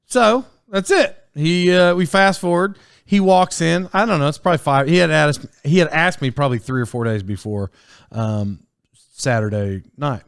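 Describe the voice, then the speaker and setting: High-voiced rambling man in his forties. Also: moderate pace, gravelly, clean tone, dry recording, studio quality. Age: 40s. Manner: rambling, with frequent fillers and restarts. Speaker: podcast host. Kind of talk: casual solo podcast storytelling.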